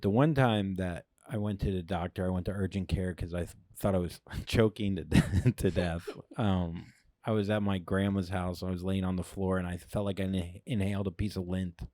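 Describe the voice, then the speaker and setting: A man co-hosting a casual comedy podcast, telling a story with lively jumps in pitch and swearing. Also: normal speed, dry recording, clean studio sound. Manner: animated storytelling, acts out quoted voices. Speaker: podcast co-host.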